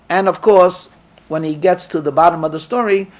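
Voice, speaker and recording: Rabbi guy telling a story, kinda high voice, does little voices for the people in it. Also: normal speed. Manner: lively storyteller, acts out dialogue. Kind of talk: storytelling sermon.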